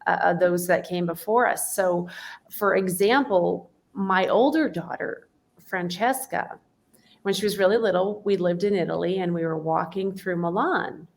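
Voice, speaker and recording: A woman's voice: fairly low pitch, moderate pace, vocal fry. Earnest woman host telling stories. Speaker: podcast host. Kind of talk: conversational interview, personal storytelling.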